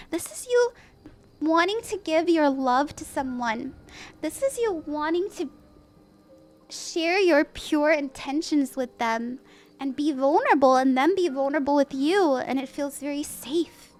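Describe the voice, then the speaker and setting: A woman's voice: sits high, expressive, moderate pace. A woman hosting a casual live-stream tarot reading, bubbly, giggly and encouraging as she gives advice. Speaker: tarot reader and livestream host.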